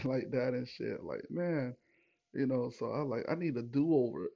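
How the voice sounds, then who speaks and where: A man's voice: mid-range voice, normal speed, gravelly, highs cut off. A young man, hosting a podcast and telling a rambling personal story to his listeners, with many fillers and asides. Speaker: podcast host. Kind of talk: casual storytelling monologue.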